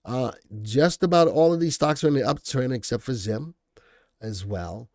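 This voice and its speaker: A man's voice: medium pitch, normal speed, darkish tone, dry recording, studio quality. A man hosting a live stock-analysis stream, talking casually, thinking aloud and answering viewer comments. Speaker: stock market show host.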